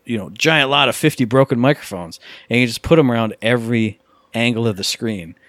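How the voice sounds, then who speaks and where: Brief: relaxed podcast host, man, mid-range voice, dry close sound, friendly call to listeners. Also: medium pitch, a little fast, dry recording. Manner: easygoing, rambling, friendly pleading. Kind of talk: casual chat and show plugs.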